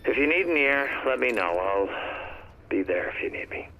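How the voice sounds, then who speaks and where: A man's voice: medium pitch, very animated, normal speed, bright, forceful tone, rough recording. An actor playing an ordinary man in game phone recordings, talking earnestly and conversationally. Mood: concerned.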